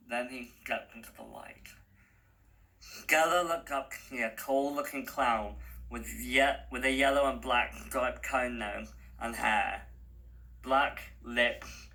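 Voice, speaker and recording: A man reading a story aloud as narrator, slow and deliberate, with small restarts. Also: mid-range voice, vocal fry, bright, forceful tone, low-quality recording.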